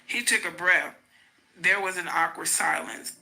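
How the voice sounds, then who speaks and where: A woman's voice: fairly low pitch, steady tone, unhurried, vocal fry, bright, forceful tone, poor audio. A woman podcast host reading a memoir aloud and stopping now and then to comment on it. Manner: breaks off to comment on the text. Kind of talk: reading a book aloud with asides.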